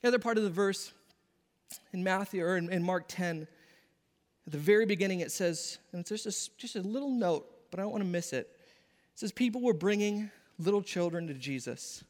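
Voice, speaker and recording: A man's voice: high voice, a little fast, big-room sound. A man in his thirties, a pastor, giving an earnest, conversational sermon in a church. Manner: earnest, conversational preaching with quoted asides. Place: church sanctuary.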